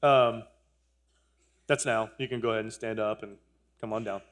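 A man's voice: fairly low pitch, fairly even intonation, normal speed. A man in his thirties, a pastor, preaching a sermon in church in an earnest way, repeating phrases and joking with the congregation. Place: church sanctuary.

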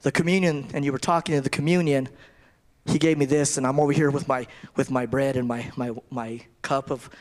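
A man's voice: mid-range voice, steady tone, fairly quick, darkish tone. A man giving a conversational sermon, often repeating and restarting his phrases. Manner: conversational preaching with repetitions and restarts. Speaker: preacher.

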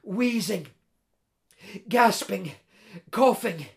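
A male audiobook narrator with a fairly high voice and a gravelly, creaky texture. He tells the story vividly and dramatically, building tension through each action scene. The delivery stays steady and engaged. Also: extremely slow.

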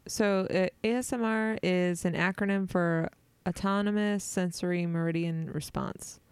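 A woman's voice: lowish voice, fairly even intonation, normal speed, clear, resonant tone, no room sound. A woman co-hosting a podcast in casual chat, easygoing and searching for her words. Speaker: podcast co-host.

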